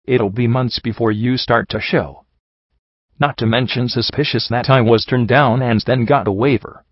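A man's voice: medium pitch, fairly even intonation, moderate pace, no room sound, muffled recording, natural voice. A man voicing a brave but anxious young pony mare in a storybook reading, speaking hesitantly. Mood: nervous. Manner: hesitant and nervous.

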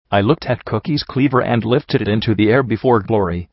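Low-voiced man narrating an audiobook. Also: brisk, dry recording. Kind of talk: first-person story narration. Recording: dull, dry.

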